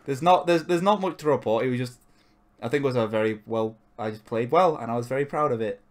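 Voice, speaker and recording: A man's voice: medium pitch, fast. A man co-hosting a podcast in casual chat, rambling and cutting himself off, with frequent swearing. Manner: rambling, self-interrupting, swears. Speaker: podcast co-host.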